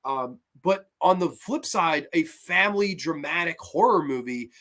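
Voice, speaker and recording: A man hosting a casual live-streamed horror movie review, excitable and profane, with lots of fillers. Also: fairly high pitch, a little slow.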